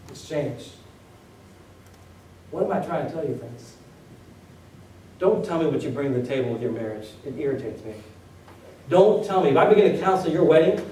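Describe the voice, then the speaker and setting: A man delivers a sermon, pressing his listeners with one rhetorical question after another. His voice sits a little high for a man and sounds a touch far from the mic. It rings through a very echoey church hall. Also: a little mellow, a little hiss or hum. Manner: preaching with many rhetorical questions. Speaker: pastor. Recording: very echoey room, voice from a distance.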